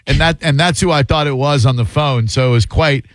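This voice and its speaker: A man's voice: medium pitch, fairly quick, no echo. A man hosting a call-in radio show, wry and opinionated, holding forth at length.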